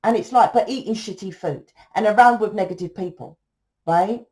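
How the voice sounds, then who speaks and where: This woman's voice is medium-pitched and somewhat dark, delivered at normal speed. She's a tarot reader rambling through a casual spiritual monologue, blunt and profane, tacking "right?" onto her sentences.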